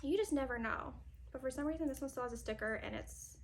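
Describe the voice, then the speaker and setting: Slightly breathless, a young woman shows off her bookshelves in a chatty book vlog, packing her talk with fillers and "y'all." She speaks fast in a high-pitched voice, with slight background noise.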